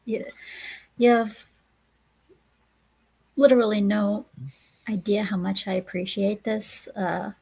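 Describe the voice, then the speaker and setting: A woman with a creaky, husky voice speaks as a guest on a casual podcast. She talks haltingly and keeps restarting her sentences as she searches for words. Her pitch sits in an ordinary middle range. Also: steady tone, darkish tone. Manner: halting, hesitant, many restarts. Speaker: guest streamer.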